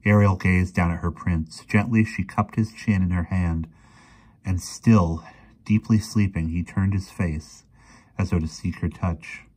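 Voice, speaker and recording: A man reading a fantasy novel aloud in a quiet, even storytelling manner. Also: low voice, measured pace, slightly rough. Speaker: reader. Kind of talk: audiobook reading.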